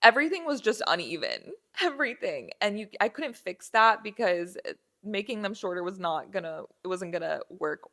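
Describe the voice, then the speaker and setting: A young podcast host shares a laid-back anecdote, acting out the people in it with plenty of fillers and restarts in an animated manner. She has a medium-pitched voice and talks at a normal speed.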